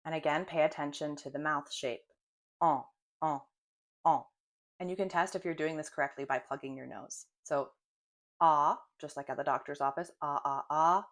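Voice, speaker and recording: A woman in her thirties giving a clear pronunciation lesson, slowly sounding out vowels to demonstrate them. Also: sits low, steady tone. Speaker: French pronunciation teacher.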